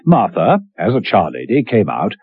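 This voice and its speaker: A man narrating a radio drama in measured, scripted storytelling. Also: sits low, huge pitch swings, slightly rough, no echo, narrow, tinny audio.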